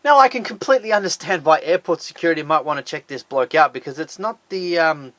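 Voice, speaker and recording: A man runs through a scripted top ten list with a high, bouncing voice. His delivery is sarcastic and incredulous. The sound is dry and close. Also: lively intonation, fast, a bit bright, no room sound.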